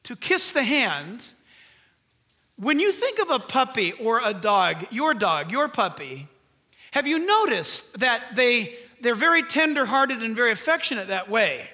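An older man preaching a sermon in a high, nasal voice, earnest and emphatic, with rhetorical questions and touches of humor. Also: very animated, measured pace, pushed and bright. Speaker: pastor.

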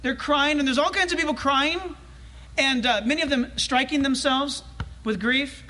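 A male pastor preaching a sermon in a church, animated and humorous, acting out scenes as he tells them. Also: extremely high pitch, moderate pace.

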